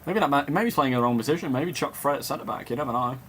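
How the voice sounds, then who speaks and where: A man's voice: mid-range voice, rapid-fire, fairly bright tone, a little hiss or hum. Laughing man doing mock football commentary. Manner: jokey, laughs often, breaks off to chat with viewers. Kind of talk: playful mock football commentary over a video game.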